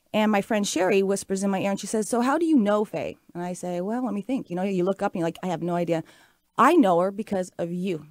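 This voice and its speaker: A woman's voice: medium pitch, darkish tone, no room sound. A woman in her late forties hosting a radio talk show, telling a personal story in an upbeat, earnest, chatty way. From Pacific Northwest US. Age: 40s. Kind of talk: casual radio monologue. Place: radio studio.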